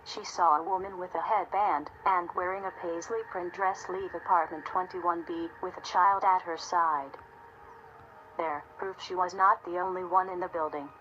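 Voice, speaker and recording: A woman reading a story aloud in a steady, measured narration. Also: on the low side, dull audio, slight background noise. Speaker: audiobook narrator. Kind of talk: scripted narration.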